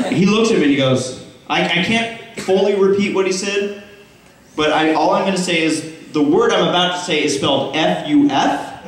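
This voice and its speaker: A man on a convention panel tells stories in an animated, laughing way, full of quick asides. His voice sits a little high. He is recorded from far off in a very echoey hall. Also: slight background noise. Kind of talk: casual panel storytelling.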